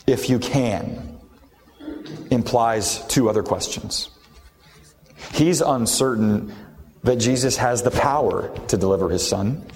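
A man's voice: lowish voice, darkish tone, a little hiss or hum. Man preaching in an echoing hall. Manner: earnest, rising to impassioned emphasis. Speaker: pastor. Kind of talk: sermon. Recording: long hall reverb.

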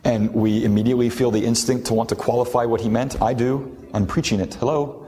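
A man's voice: mid-range voice, steady tone, fairly quick, mellow. Man preaching in an echoing hall. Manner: earnest, rising to impassioned emphasis. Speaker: pastor. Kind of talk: sermon. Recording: long hall reverb.

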